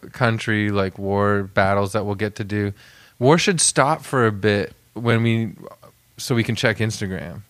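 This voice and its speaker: A man's voice: on the low side, measured pace, dry recording. A man co-hosting a podcast, rambling through absurd jokes in casual chat. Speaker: podcast co-host.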